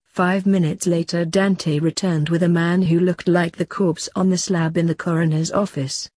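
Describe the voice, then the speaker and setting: A woman narrating a dark fantasy story in a plain, steady reading voice. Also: fairly low pitch, moderate pace, no room sound.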